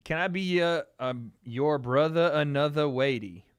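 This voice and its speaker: A man's voice: on the high side, clean tone, no room sound. A man hosting a casual livestream, joking and swearing while chatting with his viewers. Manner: joking, profane, quick asides to chat. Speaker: livestream host. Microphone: streaming microphone.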